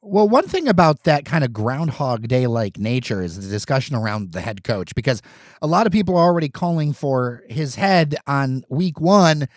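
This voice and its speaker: A man hosts a relaxed sports conversation, offering wry remarks. His pitch moves around a lot. The sound is close and dry. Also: normal speed, no room sound. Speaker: podcast host. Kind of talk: casual sports chat.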